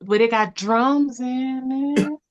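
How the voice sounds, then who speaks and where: A woman's voice: high voice, very slow, muffled recording. A woman co-hosting a casual music podcast, speaking emphatically and imitating drum beats as she talks. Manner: animated, mimics drum sounds, emphatic. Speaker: podcast co-host.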